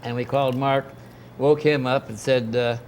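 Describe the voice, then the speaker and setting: In a club dining room, an older guest being interviewed spins a lengthy story in relaxed conversation, rambling, sidetracked by asides and restarting often. His medium-pitched voice is steady, slightly mellow and moderately paced, and a little hiss or hum can be heard.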